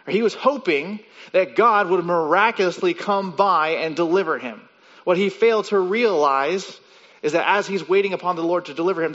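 Male pastor, sermon delivery, bit high-pitched, muffled recording. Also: a bit bright. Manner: teaching, acts out story voices with rising pitch. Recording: muffled sound with long hall reverb.

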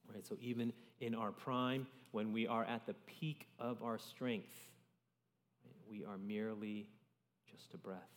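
A young man with a lowish voice preaches a sermon in a relaxed, conversational way. He keeps tagging his points with "right?" as he moves through scripture. The long reverb of a large church hall carries his words. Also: measured pace.

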